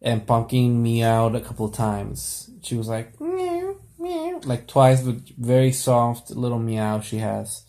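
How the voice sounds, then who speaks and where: Rambling young man, mellow voice. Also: mid-range voice, little pitch movement, a little slow, vocal fry, hardly any pauses. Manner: rambling, many fillers and restarts. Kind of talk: casual late-night vlog.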